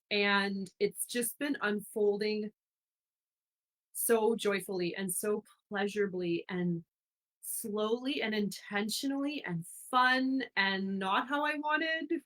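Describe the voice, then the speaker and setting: A woman's voice: medium pitch, pushed and bright, poor audio. Woman host, from Ontario, casual and effusive, rambling with plenty of fillers. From Ontario, Canada. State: getting emotional. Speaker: host of a speaker series. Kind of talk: casual live-stream monologue.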